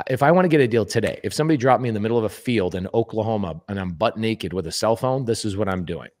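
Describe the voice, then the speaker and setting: A man with a fairly low voice talks casually as a podcast guest. He is emphatic and animated and drives his points home by repeating words. He slips into little acted-out bits of dialogue as he goes. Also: very fast, hardly any pauses. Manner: emphatic, animated storyteller who acts out quoted speech.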